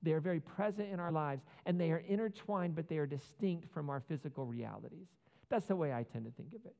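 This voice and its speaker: A man's voice: a little high, fairly quick, gravelly, warm tone. A man preaching a sermon in a conversational, earnest way, with casual asides and rhetorical questions to the congregation. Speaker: pastor. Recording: muffled sound with long hall reverb.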